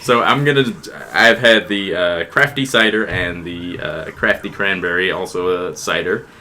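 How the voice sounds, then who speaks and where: A man co-hosting a casual podcast, quick to laugh and animated. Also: sits low, crowd noise. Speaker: podcast co-host. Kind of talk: casual chat.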